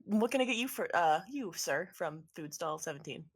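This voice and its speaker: A woman's voice: fairly low pitch, animated, moderate pace, slightly rough. An unfazed male food-stall vendor, voiced by a woman in a tabletop game, matter-of-fact and obliging whatever is asked. His tone is plain and ready to serve.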